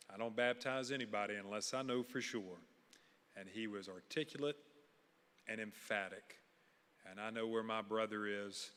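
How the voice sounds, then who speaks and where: Pastor, male, low-ish bright voice, earnest funeral sermon, long hall reverb. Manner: earnest, preacherly, measured pauses. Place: church sanctuary.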